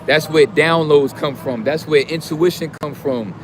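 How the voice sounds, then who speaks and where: A man giving a casual, profane motivational rant in street slang, preaching and sometimes shouting. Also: on the high side, unhurried, noisy background. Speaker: streamer giving motivational talk.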